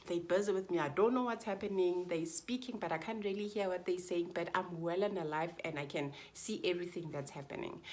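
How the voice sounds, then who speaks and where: A young woman vlogger tells her birth story to the camera, chatty and heartfelt, repeating phrases for emphasis and often calling her viewers "guys." Her voice is lowish, with slight background noise.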